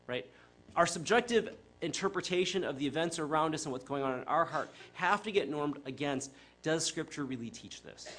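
A man's voice: on the high side, a bit bright. Conversational middle-aged male preacher. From Chicago area. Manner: conversational, with many fillers and self-corrections. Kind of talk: sermon.

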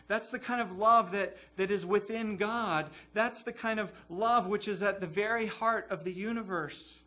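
A man preaching with a high, bright voice that carries clearly. He sounds earnest and emphatic, stacking repeated phrases to drive each point home in a sermon. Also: normal speed, hardly any pauses. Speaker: pastor.

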